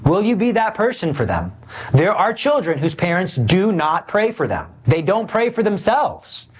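A man's voice: sits high, sing-song, normal speed, husky. A man giving an earnest, emphatic sermon, full of rhetorical questions. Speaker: preacher.

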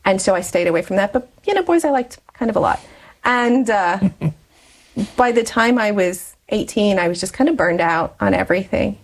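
Give me a chatty, animated woman in her forties telling her own story as an interview guest. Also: medium pitch, normal speed. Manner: chatty, animated storyteller who laughs often. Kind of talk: personal storytelling in conversation.

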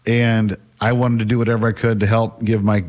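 A middle-aged faith class teacher appears as a guest, telling stories in an earnest, casual manner with occasional stammers and restarts. His voice is fairly low and darkish, brisk, with little pitch movement.

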